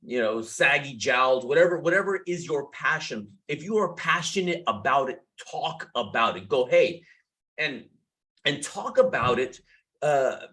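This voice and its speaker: A man's voice: mid-range voice, lively intonation, moderate pace, pushed and bright, rough recording. A young man coaching beauty professionals on sales, hyped and playful, repeating his catchphrases and swearing casually. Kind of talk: energetic motivational talk to camera.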